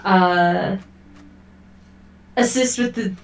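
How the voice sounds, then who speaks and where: Humble female adventurer envoy, played by a woman, unhurried and deferential, roomy distant sound. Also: medium pitch, creaky. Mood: humble, formal. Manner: formal, halting, deferential. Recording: roomy echo, voice set back from the mic.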